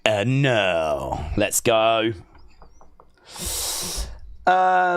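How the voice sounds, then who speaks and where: Excitable guy doing a live reaction stream, reads out chat comments, sharp voice, dead dry sound. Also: medium pitch, unhurried, smooth, no room sound. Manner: rambling, excitable, reads viewer comments aloud.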